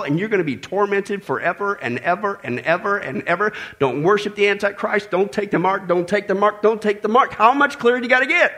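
A man preaching a sermon to a congregation, emphatic and animated, with joking asides and repeated warnings. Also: high-pitched, brisk, hardly any pauses.

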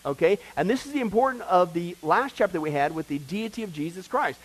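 A man with a high, light voice delivers a sermon and teaches from a study guide. He presses hard and loud when he warns, then drops to a quiet, intense hush. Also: expressive, fast talker, poor audio. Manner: emphatic, swings between loud urgency and hushed intensity. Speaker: preacher teaching a class.

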